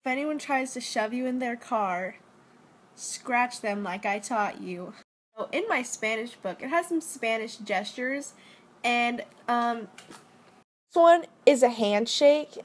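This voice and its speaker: A young woman talks straight into her phone camera in a loose, rambling way. She jokes a lot and fills her sentences with "like". Her voice sits a little on the high side. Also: unhurried. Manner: rambling, joking, heavy use of "like". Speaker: vlogger. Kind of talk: casual selfie-story chat.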